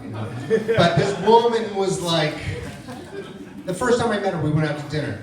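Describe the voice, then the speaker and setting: A man's voice: on the high side, a little fast. A man doing a stand-up comedy set, telling profane stories in a loose, rambling way. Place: comedy club stage. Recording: echoey club from far off with crowd. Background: audience laughter.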